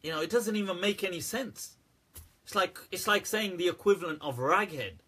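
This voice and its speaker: A man's voice: high-pitched, moderate pace, bright, forceful tone, slightly rough. A man hosting a live question-and-answer stream in a casual, candid way, laughing often as he talks to viewers. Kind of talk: casual livestream Q&A commentary.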